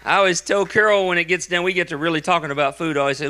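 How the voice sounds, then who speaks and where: Folksy pastor with a bright, forceful voice. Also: male voice, sits high, rapid-fire, hardly any pauses. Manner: folksy, joking asides between emphatic preaching. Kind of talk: sermon. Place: church sanctuary.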